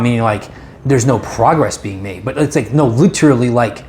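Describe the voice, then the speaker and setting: A man co-hosting a casual podcast who talks in quick, emphatic bursts and laughs easily. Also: mid-range voice, a little mellow, a little hiss or hum. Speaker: podcast co-host. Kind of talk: casual chat.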